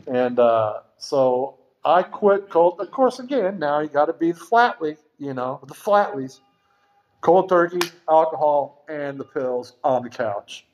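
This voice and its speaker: On a dull lo-fi recording with a little hiss or hum, a middle-aged man recounts his own recovery at a meeting. His voice is on the high side, expressive, and darkish in tone, and he speaks at a measured pace, rambling frankly and swearing casually.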